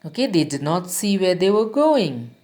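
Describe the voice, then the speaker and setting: A woman's voice: on the low side, big pitch swings, moderate pace, mellow. A woman teacher reciting a children's poem verse by verse and explaining each word to young pupils.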